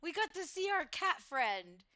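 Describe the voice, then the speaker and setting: A woman's voice: very high-pitched, sing-song, unhurried, pushed and bright, dry recording. A woman streamer chatting casually while gaming, gushing, giggling and exclaiming often.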